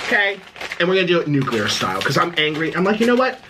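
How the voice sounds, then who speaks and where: A man's voice: fairly high pitch, background noise. A man ranting in a casual vlog at home, indignant and exasperated, with a sarcastic edge. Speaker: vlogger. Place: at home in his apartment.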